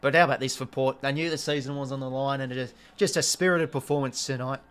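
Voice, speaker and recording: Excitable Australian man calling footy live. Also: medium pitch, quick pace, smooth. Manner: excitable, swears casually, self-mocking. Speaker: watch-along host. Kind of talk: casual live match commentary.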